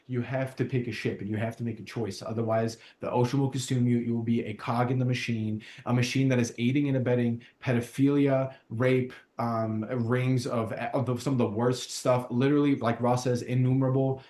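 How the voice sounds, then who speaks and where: A man's voice: mid-range voice, level tone, brisk, few pauses. Fervent man in an echoey room. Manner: fervent, preachy, builds to shouting. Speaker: podcast host. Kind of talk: casual spiritual podcast chat. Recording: roomy echo.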